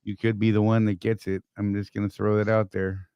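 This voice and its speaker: A man's voice: on the low side, level tone, a little fast, smooth, no room sound, dull audio. Joking older man with a dry sound. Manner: joking, teasing, greets viewers by name. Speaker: live stream co-host. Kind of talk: casual live stream chat.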